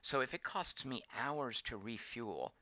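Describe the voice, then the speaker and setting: A man's voice: mid-range voice, expressive, measured pace, sharp tone, no room sound. A man giving casual gameplay commentary as he plays, thinking aloud, wondering and reacting to what is on screen. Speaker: game streamer. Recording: dull lo-fi dry voice track.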